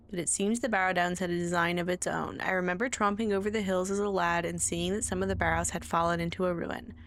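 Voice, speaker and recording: A woman reading aloud the lines of an elderly man who wants to learn his land's history, in a gentle, plain reading voice. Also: on the low side, a little hiss or hum, lightly acted. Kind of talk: reading game dialogue aloud.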